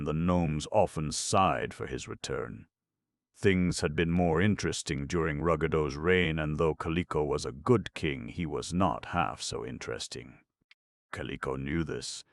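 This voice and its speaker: A man's voice: rumbling low, dry recording. A man reading a children's fantasy audiobook in a scripted storytelling manner. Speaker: audiobook narrator. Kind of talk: scripted narration.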